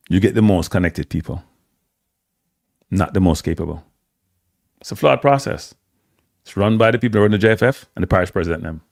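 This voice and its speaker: A low-pitched, gravelly Jamaican-accented man gives his strong opinions on football in a solo commentary, captured in clean studio sound with no echo. He drives points home through repeated phrases and lapses into patois.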